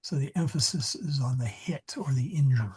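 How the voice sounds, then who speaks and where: A man's voice: medium pitch, brisk, mellow. A man teaching a Latin grammar class, talking in a digressive way and often correcting himself. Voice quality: very husky. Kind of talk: classroom lesson. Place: church meeting room.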